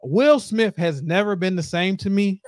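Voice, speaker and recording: A man hosting a podcast, ranting in casual chat, animated and heavy with profanity. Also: high voice, moderate pace, slight background noise. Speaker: podcast host.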